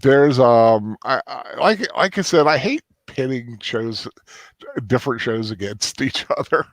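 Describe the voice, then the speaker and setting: Halting, lively-voiced male host. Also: mid-range voice, no room sound, clean studio sound. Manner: halting, full of restarts. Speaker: host of a fan stream show. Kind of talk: casual chat.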